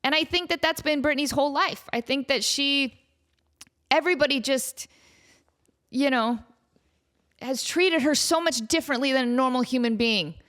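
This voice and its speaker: A woman in her thirties hosting a podcast, telling a story in an animated, chatty way with lots of likes and ums. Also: sits high, normal speed, long pauses. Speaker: podcast host. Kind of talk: casual storytelling.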